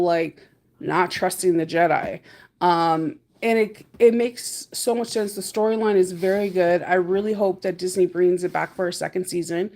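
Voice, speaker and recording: A woman's voice: mid-range voice, a little mellow. A woman vlogging in a chatty, rambling way, laughing often and acting out her stories, talking from her car. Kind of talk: casual chat.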